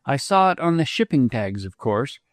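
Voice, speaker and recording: A man voicing a bold, self-assured young woman on the trail, brisk and commanding. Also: medium pitch, big pitch swings, dry recording, clean studio sound, close to an everyday voice.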